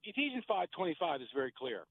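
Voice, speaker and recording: A man's voice: a little high, big pitch swings, quick pace. A man calling into a radio show, earnest and quoting scripture as he talks. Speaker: caller. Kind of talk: phone-in talk. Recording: tinny phone line with faint noise.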